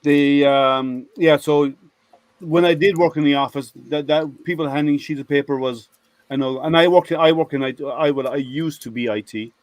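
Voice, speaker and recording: Man, chatty storyteller, restarts a lot, higher voice, dry sound. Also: fairly even intonation, normal speed, no echo. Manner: rambling storyteller, many restarts. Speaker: IT product manager at a software company. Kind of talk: casual group chat. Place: online video hangout.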